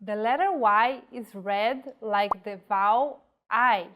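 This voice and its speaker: A language teacher with a slightly high voice delivers a scripted pronunciation lesson, with some noise in the background. She talks slowly and carefully, pausing over each example word as though spelling it out for a beginner.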